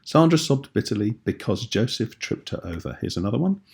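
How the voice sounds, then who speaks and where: Gravelly, husky British male teacher. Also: medium pitch, sing-song, darkish tone. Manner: patient and clear, slow explanatory teaching. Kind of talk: tutorial video lesson.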